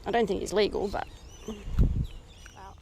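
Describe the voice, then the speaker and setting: A woman with an Australian accent chatting casually as she fishes, talking to the fish and getting very excited over a catch. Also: medium pitch, slow, creaky, slight background noise. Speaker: fishing vlogger. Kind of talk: casual running commentary while fishing. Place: outdoors by the water in the rain.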